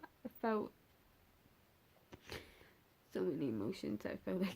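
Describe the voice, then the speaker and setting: Husky, gravelly-voiced woman telling her story. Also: mid-range voice, very animated, mellow. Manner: halting, hesitant, with many fillers and restarts; emotional and raw. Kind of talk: personal vlog storytelling.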